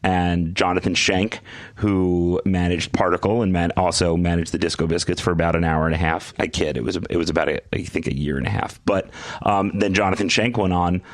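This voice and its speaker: A man's voice: low voice, fairly even intonation, a little fast, no room sound, studio quality. A man chatting as a podcast guest, explaining his business at length with enthusiasm. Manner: enthusiastic, talks in long run-on explanations. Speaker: guest, VIP experience company executive. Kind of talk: casual podcast conversation.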